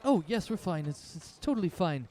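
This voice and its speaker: A flustered old nobleman, as a man voices him, fussy and hurried, with his pitch lifted above a normal speaking voice. The tone is mellow and a little warm. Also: sing-song, faint music behind. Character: flustered elderly nobleman, head of household.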